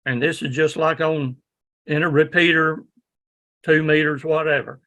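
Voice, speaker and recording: A man's voice: a little high, fairly even intonation, moderate pace, pushed and bright. A man with a Southern US accent teaching a ham radio licensing class in a folksy, rambling way, often checking in with "okay?". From Southern United States. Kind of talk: classroom lecture.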